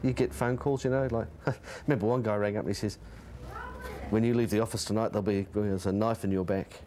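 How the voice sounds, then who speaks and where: A man's voice: fairly low pitch, fairly even intonation, fairly quick, mellow, slight background noise. A man with a New Zealand accent, interviewed in a pub, telling brash anecdotes with a chuckle. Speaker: interviewee, former tabloid consumer reporter.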